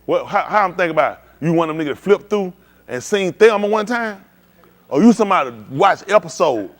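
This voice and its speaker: Host, male; high, lively pitch; playful teasing emcee of a room game. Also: brisk. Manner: playful, teasing, calls on people by name. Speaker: host leading a group trivia game. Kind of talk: lively group banter.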